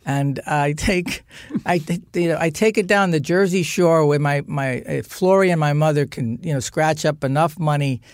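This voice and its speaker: A middle-aged man and guest actor, telling stories in a casual interview in an animated way, acting out the scenes. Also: a little high, normal speed, no room sound, clean studio sound. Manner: animated, acts out scenes, many restarts. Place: studio.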